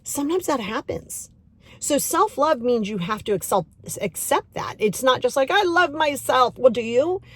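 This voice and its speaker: A middle-aged woman hosting a podcast and giving a motivational self-help talk, emphatic and repetitive, coaxing the listener directly and acting out inner voices in quick asides. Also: fairly high pitch, sing-song, breathy edge. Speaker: podcast host and self-love coach.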